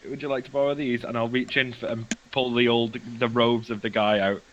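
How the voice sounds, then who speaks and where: A man playing a tabletop role-playing game at a middling pitch. He talks hesitantly, often restarting what he says. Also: little pitch movement, fairly quick, muffled recording, a little hiss or hum. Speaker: player.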